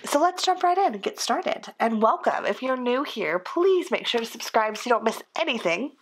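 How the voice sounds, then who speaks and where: A young woman with a cold, her voice hoarse and crackly, chatting casually and rambling a little as she vlogs about planning. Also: a little high, sing-song, moderate pace, soft background music. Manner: chatty, rambling and self-deprecating. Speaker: planner vlogger. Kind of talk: casual chat.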